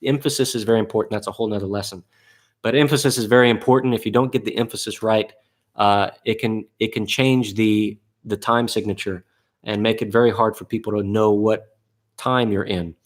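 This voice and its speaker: A man teaching a live online guitar class in a casual, rambling way, with many fillers and restarts. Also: fairly low pitch.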